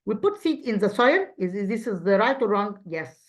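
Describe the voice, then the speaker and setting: A woman teacher with an Egyptian accent, a native Arabic speaker, explaining an English lesson to children with halting restarts and quizzing questions. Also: medium pitch, big pitch swings. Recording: dull lo-fi sound.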